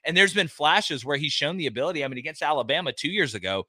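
Emphatic folksy man, high and lively. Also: quick pace, dry recording. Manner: emphatic, folksy, repeats words when excited. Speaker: guest sports analyst. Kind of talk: animated casual podcast talk. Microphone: remote call.

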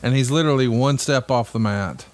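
A man's voice: medium pitch, a little fast. A man hosting a podcast, casually chatting and narrating clips with amused commentary. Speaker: podcast host.

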